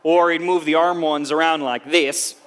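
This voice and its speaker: A man's voice: on the high side, steady tone, normal speed, a bit bright, clean tone, close to an everyday voice. A man playing an earnest, folksy drifter. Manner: folksy, rustic grammar, earnest storytelling. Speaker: stage actor in a monologue. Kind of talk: theatrical storytelling monologue. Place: theatre stage.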